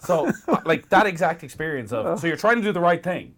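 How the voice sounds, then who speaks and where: Laughing dad, very lively pitch. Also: male voice, a little fast. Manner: laughing, reflective, mimics his own exasperated shouts. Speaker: podcast co-host. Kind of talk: casual chat.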